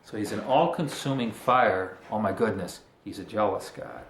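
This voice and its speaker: A man's voice: on the low side, lively intonation, normal speed, roomy sound, slight background noise. A man preaching a casual, conversational sermon as pastor, joking and breaking into emphatic bursts.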